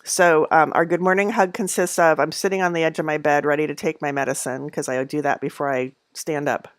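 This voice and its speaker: Chatty middle-aged woman with a lower, dry voice. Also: fairly even intonation, brisk, no room sound. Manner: rambling, chatty, many fillers and laughs; coos in a high voice at her cats. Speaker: knitting channel host. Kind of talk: casual livestream chat. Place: at home.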